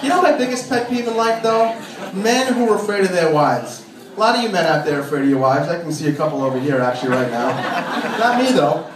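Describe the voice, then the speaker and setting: A high-voiced man works through a stand-up set about his nagging wife and breaks into shrill impressions of her. The sound is a distant, echoey club recording with steady background noise. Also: fast talker. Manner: exasperated, shrieking put-upon impressions of his nagging wife. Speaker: stand-up comic. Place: small comedy club. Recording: roomy club from a distant mic, noisy. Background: crowd laughter.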